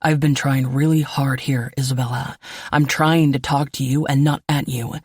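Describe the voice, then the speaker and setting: A woman's voice: a bass voice, fairly even intonation, normal speed, a little mellow, husky, no echo, studio quality. A firm protective man, as a woman narrator reads him. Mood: firm caring. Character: protective, commanding man, a caring leader.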